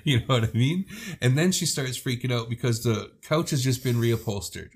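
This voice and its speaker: A man on a casual podcast spins a rowdy anecdote with loose, profane energy. His voice sits at an ordinary middle pitch, and he slips into the voices of the people he describes. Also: moderate pace, slightly rough. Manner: profane, animated storyteller who acts out quoted people. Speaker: podcast co-host. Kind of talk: casual storytelling chat.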